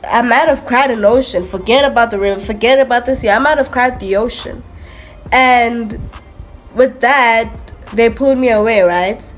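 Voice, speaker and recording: A woman's voice: on the high side, normal speed, soft background music. Chatty young woman telling a storytime. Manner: chatty, animated, self-mocking, lots of "like" and "literally". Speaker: vlogger. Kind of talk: casual storytime monologue.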